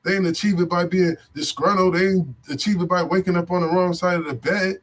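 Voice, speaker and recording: A man in AAVE gives a loose, unscripted motivational speech to his viewers. His voice sits a little high for a man, and he talks in a preachy, repetitive way, with profanity and street slang throughout. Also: fairly even intonation, a little fast. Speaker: vlogger.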